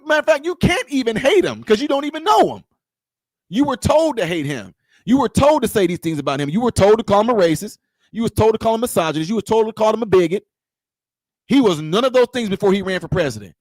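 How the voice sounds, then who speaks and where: A man's voice: high-pitched, no echo, clean studio sound. A man delivering a confrontational political rant to camera, repeating his points and firing rhetorical questions. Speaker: political commentator.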